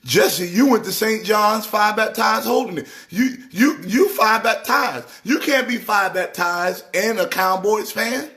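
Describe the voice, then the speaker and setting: A middle-aged man from New York hosts a casual live stream about sports. His voice sits high, and he teases viewers in an animated way. At times he slips into the rhythm of a preacher's exhortation. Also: unhurried, few pauses. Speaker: church organist hosting a live stream.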